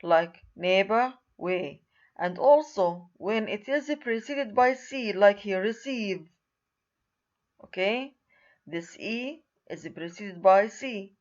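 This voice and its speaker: A woman's voice: mid-range voice, lively intonation, slow pace, lo-fi sound. A woman lecturing on a recorded university writing lesson, who repeats key words and points at examples on screen.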